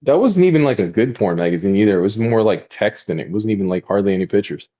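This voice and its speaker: Talking fast, the thirtysomething podcast co-host spins stories in relaxed conversation, animatedly performing quotes in high-pitched voices. The recording has its highs cut off.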